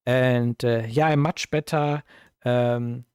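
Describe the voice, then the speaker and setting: Slow-talking German-accented man streaming retro games. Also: mid-range voice, steady tone, darkish tone, clear, resonant tone. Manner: slow, thinking aloud with many fillers, bursts of exclaiming at the game. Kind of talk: casual live-stream commentary.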